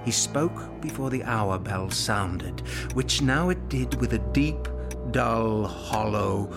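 A man narrating a classic story in a measured, expressive way, sometimes dropping to a whisper. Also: on the low side, vocal fry. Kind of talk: dramatic audiobook reading. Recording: narration over music.

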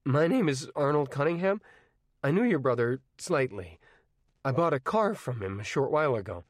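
A man's voice: medium pitch, sing-song, moderate pace, no echo, clean studio sound, voice pushed up. A man voicing an earnest, polite teenage boy who pleads eagerly, in a storybook reading.

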